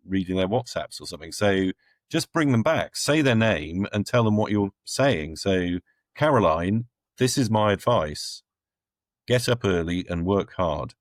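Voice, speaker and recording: A man's voice: sits low, no echo, studio quality. A middle-aged man answering interview questions bluntly, with wry asides and strong opinions. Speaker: guest.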